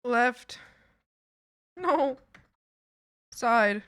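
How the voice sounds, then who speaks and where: Female streamer, high bright voice, unhurried casual chat to viewers, muttering to herself with loud laughing outbursts. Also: animated, smooth. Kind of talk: casual livestream chat while working.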